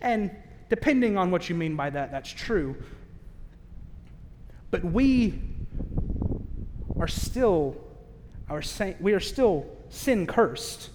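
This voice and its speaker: High-voiced preacher in a reverberant hall. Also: male voice, lively intonation, a little mellow. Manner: candid, conversational, with self-aware asides; emphatic, slow-stressed key phrases. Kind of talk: sermon. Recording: long reverb of a large hall.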